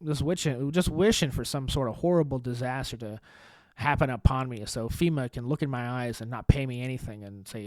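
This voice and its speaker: A man hosting a solo comedy podcast, rambling in a deadpan, sarcastic way with swearing and restarts. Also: mid-range voice, brisk, no echo. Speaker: podcast host.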